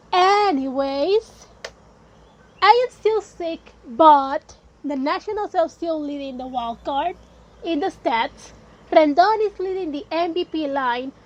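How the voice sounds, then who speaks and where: A woman's voice: sits high, takes it slowly, muffled recording. A woman hosting a casual solo podcast, sounding sick and congested with a cold, chatty and emphatic, slipping into Spanish phrases now and then. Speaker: podcast host.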